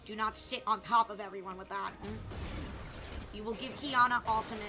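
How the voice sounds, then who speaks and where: A young adult woman streaming a game, chatting and commentating in an excitable way, swearing and yelling at teammates. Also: mid-range voice, moderate pace. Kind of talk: live gameplay commentary. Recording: game music in background. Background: game music.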